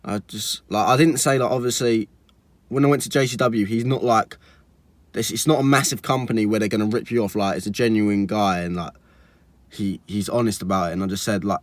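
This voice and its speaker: Young guy, storytime vlogger, low-ish voice, chatty and exasperated, dry close sound. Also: fairly even intonation, fairly quick, no echo. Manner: chatty, exasperated, full of likes and restarts. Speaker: car vlogger. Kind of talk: casual storytime vlog.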